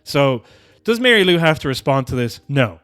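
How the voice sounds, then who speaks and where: A man hosting a casual podcast, talking in an animated, mocking way and swearing often. His voice sits at an ordinary middle pitch. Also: moderate pace, clear, resonant tone. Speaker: podcast host.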